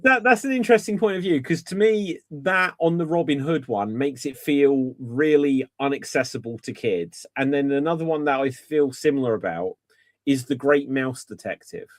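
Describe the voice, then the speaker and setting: A man co-hosting a casual chat, laying out his opinions in a measured, reasoning way. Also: mid-range voice, lively intonation, dry recording, clean studio sound. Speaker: podcast co-host.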